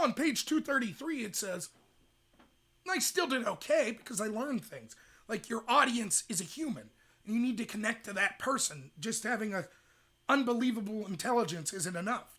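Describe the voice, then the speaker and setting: A young adult man hosting a livestream, ranting in rapid, emphatic commentary. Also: sits high, lively intonation, pushed and bright. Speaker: host.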